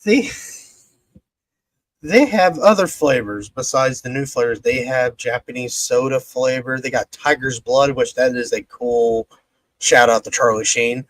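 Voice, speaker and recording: A man's voice: mid-range voice, a little slow, dry recording. A man hosting a podcast, reading a sponsor plug in a rambling, casual way, swearing and tripping over his words. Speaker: podcast host.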